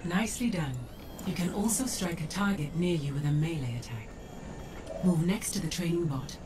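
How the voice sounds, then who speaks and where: A woman voicing a calm female AI training guide in a video game, speaking in a measured, instructive way. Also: fairly low pitch, noisy background, close to an everyday voice. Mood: guiding. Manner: measured, instructive, even-toned. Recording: distant game audio with loud music.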